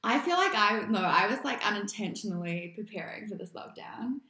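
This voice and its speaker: A woman co-hosting a casual podcast chat, talking fast with lots of "like" and frequent laughs. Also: medium pitch, animated, pushed and bright. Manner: chatty, laughs often, lots of "like". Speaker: podcast co-host. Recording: echoey room.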